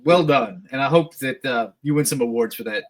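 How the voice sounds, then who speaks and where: A man's voice: medium pitch, fairly quick, poor audio. Regular-voiced guy hosting, hyping up the guest, laid-back chat. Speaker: host. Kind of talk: casual chat.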